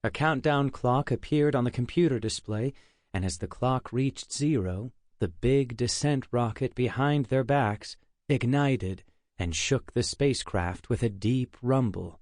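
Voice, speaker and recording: A male audiobook narrator reads in a steady, measured way, with a voice of ordinary pitch for a man. He is recorded on a close studio mic, and the sound is dry with no room echo.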